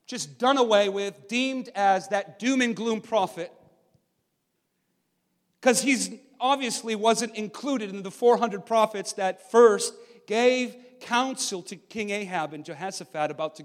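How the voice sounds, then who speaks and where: A man preaching a sermon and reading from the Bible, emphatic and swinging from loud to hushed. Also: sits high, measured pace, in a large hall.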